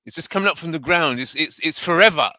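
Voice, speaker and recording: Panel host, male, animated and laughing, voice sits high, dry close sound. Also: quick pace, no echo, low-quality recording. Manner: animated, laughs often, acts out voices in retelling. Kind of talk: casual panel discussion.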